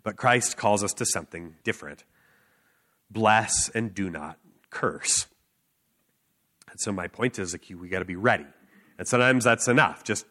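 A man preaching a sermon, telling a personal story with earnest emphasis, filler words and quick laughs. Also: on the low side, sharp tone. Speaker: street preacher.

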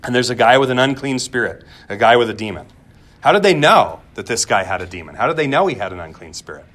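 A man's voice: medium pitch, animated, fast talker, fairly bright tone. A pastor preaching a sermon in a conversational way, repeating words as he goes and asking the room questions.

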